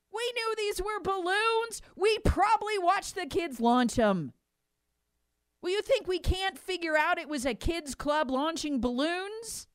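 A woman's voice: sits high, a bit bright, no room sound, studio quality. A middle-aged woman co-hosting a political talk show, emphatic and indignant, with sarcastic mock quotes. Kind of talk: political commentary chat.

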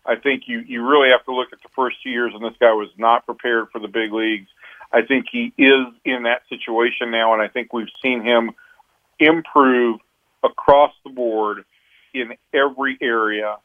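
A man's voice: mid-range voice, fairly even intonation, moderate pace. A man, a baseball reporter, analyzing a player in a radio phone interview, often restarting his sentences. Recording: tinny phone line.

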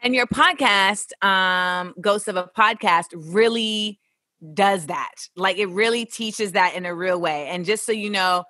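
A woman hosting a casual interview, talking in an animated, slangy way and laughing often. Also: medium pitch, unhurried, dry recording. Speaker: podcast host.

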